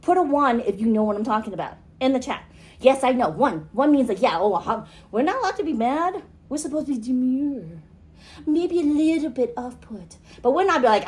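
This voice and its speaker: A woman's voice: mid-range voice, moderate pace. Chatty woman podcast host. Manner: chatty, asks the listener questions; animated, leads a guided sensory exercise. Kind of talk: casual chat and recorded workshop talk.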